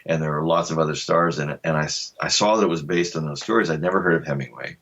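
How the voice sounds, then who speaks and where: A man's voice: very deep voice, fairly even intonation, fast talker, dull audio. An older man from Delaware, an author being interviewed, telling stories in a thoughtful, reflective way. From Delaware, USA. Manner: thoughtful, reflective storyteller with soft laughs. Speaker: author guest. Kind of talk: conversational interview.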